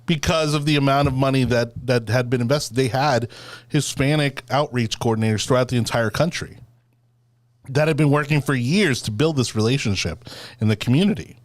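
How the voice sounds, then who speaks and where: A man's voice: medium pitch, a little fast, no echo. Guy hosting a political podcast, rambly, lots of "you know", dry close mic. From Florida. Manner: rambling, many fillers and restarts. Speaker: podcast host. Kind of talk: casual political chat.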